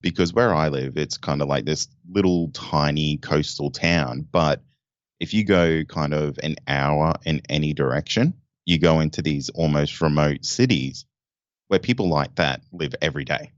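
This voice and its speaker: Very deep-voiced Australian man. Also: normal speed, no echo. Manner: relaxed, good-humored, laid-back. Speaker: podcast guest. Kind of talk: casual interview chat. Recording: dull lo-fi remote audio.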